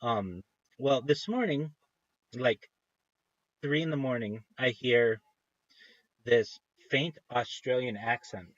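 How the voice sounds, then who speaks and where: A man's voice: mid-range voice, slow pace, pauses often, no echo, highs cut off. A man hosting a livestream in casual rambling chat, meandering and interrupting himself with eager enthusiasm. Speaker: livestream host.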